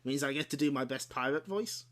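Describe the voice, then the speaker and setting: Fairly quick and fairly bright in tone, this medium-pitched man hosts a game stream. Showing off old game discs, he keeps up a chatty, giggly patter, laughing often and self-correcting.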